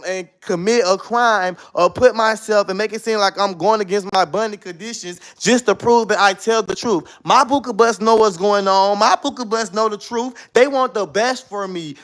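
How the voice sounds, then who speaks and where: A man's voice: high-pitched, normal speed, hardly any pauses, fairly bright tone. A man on a phone live stream, defensive and repeating his points to his viewers. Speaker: livestreamer.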